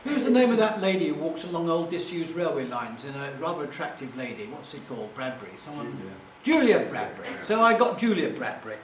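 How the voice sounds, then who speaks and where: A middle-aged man with a fairly high voice tells rambling, self-deprecating stories to a live audience. He is picked up from a distance in an echoey hall. There is a faint hum of ambience behind him. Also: big pitch swings, fast talker, hardly any pauses. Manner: chatty, self-deprecating, acts out quoted voices. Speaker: public speaker. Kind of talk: anecdotal talk to a live audience. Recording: echoey room, distant mic.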